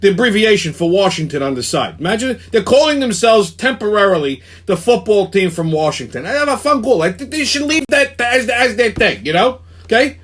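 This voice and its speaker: A man's voice: high-pitched, very animated, a little fast, a bit bright. A man, hosting a ranting weekly commentary, heated and swearing constantly. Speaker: show host.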